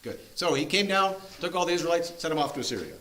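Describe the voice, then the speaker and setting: A man's voice: on the high side, animated, fast, pushed and bright. A man leading a church Bible study group, teaching casually with jokes and playful sound effects.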